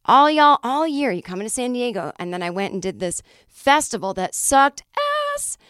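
A woman hosting her own podcast in a solo monologue, cranky and animated, swearing freely as she plugs her shows, her voice not fully recovered, on a close studio mic. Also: medium pitch, normal speed, smooth, no room sound. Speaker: podcast host and comedian.

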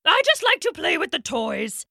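A woman's voice: high voice, wildly swooping pitch, moderate pace, vocal fry, pushed and bright, no echo, clean studio sound, voice pushed up, heavily acted. A woman voicing a shaggy, one-eyed monster with a wide froggy mouth in a storybook, cheery and lip-smacking. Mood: friendly.

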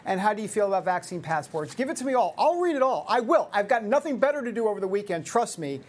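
Animated sarcastic woman talk host. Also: mid-range voice, fast. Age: 50s. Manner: sarcastic, jokey asides. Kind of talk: opinionated commentary.

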